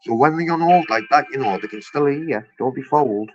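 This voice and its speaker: A man in a casual vlog, loud and chatty and swearing freely while he waits on hold. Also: medium pitch, brisk, slight background noise. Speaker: vlogger. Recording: slightly dull recording with faint music.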